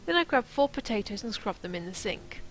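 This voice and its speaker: A woman's voice: mid-range voice, big pitch swings, brisk, a bit bright, slight background noise, poor audio. A woman streaming herself reading a novel aloud, stopping for playful, chatty asides.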